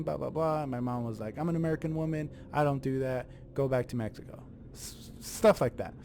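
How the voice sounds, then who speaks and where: A man's voice: mid-range voice, warm tone, a little hiss or hum. A young man telling a true ghost story from his own home in a casual, rambling way, often restarting his sentences and acting out his parents' words.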